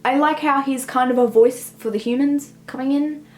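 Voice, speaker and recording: A woman's voice: high-pitched, steady tone, normal speed, a little mellow, low-quality recording. A young woman in a casual book review rant, rambling and peppered with "like" as she talks things through. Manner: rambling, heavy use of "like".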